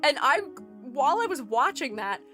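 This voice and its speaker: A woman's voice: high-pitched, sing-song, moderate pace, music in the background. Giggly, chatty young American woman streamer. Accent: mixed American, Rust Belt. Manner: chatty, giggly, reads chat aloud. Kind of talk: casual chat while gaming.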